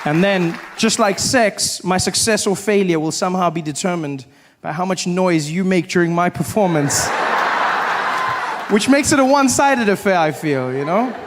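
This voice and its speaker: A man's voice: high-pitched, normal speed, a loud crowd, very noisy. A man from Africa, performing a stand-up comedy set live on stage, telling stories and acting out other people's voices. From South Africa. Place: theater stage before a live audience.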